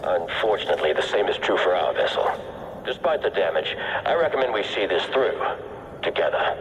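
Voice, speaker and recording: An actor playing a disciplined clone commander giving a clipped, formal military report in a game, heard as a playback. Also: male voice, low-pitched, very animated, a little fast, background noise. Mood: steady, resolute. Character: disciplined male clone commander in a logged message. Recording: echoey message playback in a game.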